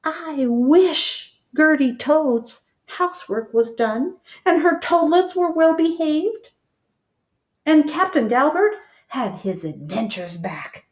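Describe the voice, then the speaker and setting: A woman voicing a small, earnest young male bullfrog in a storybook, high and excitable. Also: slow, highs cut off. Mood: hopeful.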